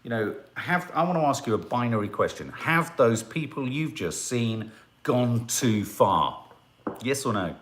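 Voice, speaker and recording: In a medium-pitched voice that swings widely, a man speaks a little slowly while hosting a casual live stream. He chats in a rambling way, reading viewer comments and breaking off into restarts and asides.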